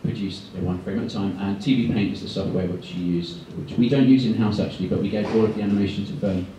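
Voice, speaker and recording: A man giving a guest talk to art students, talking quickly and loosely with many ums. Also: sits low, fairly even intonation. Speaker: guest speaker at an art school. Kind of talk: presentation to students. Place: lecture room. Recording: echoey room, far from the mic, faint noise.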